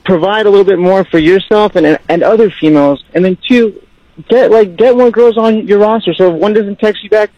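A man with a fairly high voice calls in over a dull, muffled phone line. He lectures with easy confidence and says the same thing twice to drive it home. The sound is dry and close. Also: brisk, no echo. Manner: confident, lecturing, repeats himself. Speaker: radio caller. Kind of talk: casual call-in advice.

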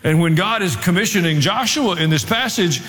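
A man's voice: lively intonation, normal speed, a bit bright. A male pastor preaching a sermon, with humorous asides and rising emphasis as he goes. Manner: preaching, growing more emphatic and raised in pitch. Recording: long hall reverb.

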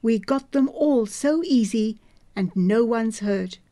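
A man's voice: very high-pitched, expressive, slow, mellow, exaggerated voice. A woman voicing a jubilant older male tribal medicine man who crows with delight over a victory, read in an audiobook. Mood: exultant. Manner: crowing, exultant.

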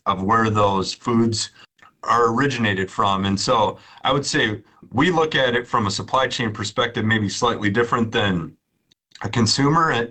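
A male company executive answering podcast interview questions, restarting and repeating words as he thinks. His voice is fairly low yet sharp and bright in tone.

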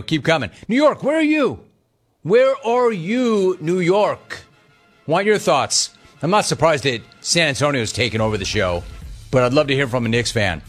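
A man hosting a sports talk radio show, animated and emphatic, swinging between loud and soft. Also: mid-range voice.

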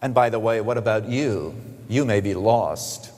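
A man preaching a sermon, rising loud on key phrases and dropping to a soft, quiet delivery. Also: lowish voice, a little slow. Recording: long hall reverb.

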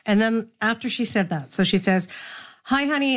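A woman hosting an interview, asking measured, prompting questions. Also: fairly high pitch, lively intonation. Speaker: interview host.

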